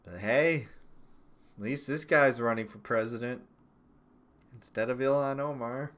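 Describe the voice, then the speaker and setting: A man's voice: mid-range voice, measured pace, a bit bright. A young man doing casual livestream political commentary: sarcastic, profane, and laughing often.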